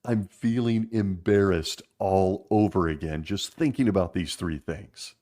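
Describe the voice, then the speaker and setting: A man hosting a casual monologue, making wry sarcastic asides and laughing as he talks, slowing down to stress points. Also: low voice. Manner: laughs often while talking; lively and animated, slowing down for emphasis. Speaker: podcast host.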